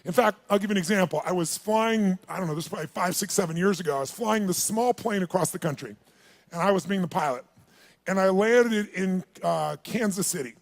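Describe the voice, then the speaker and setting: Brief: a man with a high voice, a seminar speaker who tells a story with energy and gets the room to answer. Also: brisk, creaky. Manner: animated, calls on the audience, acts out dialogue. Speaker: motivational speaker.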